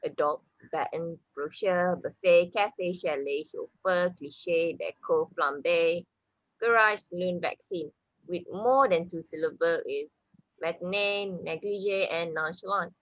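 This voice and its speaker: Woman with a lowish voice reading word lists, kinda hesitant, dry sound. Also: unhurried, no echo, muffled recording. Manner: list-reading, a bit hesitant. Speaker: student presenter. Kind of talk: reading a phonetics presentation.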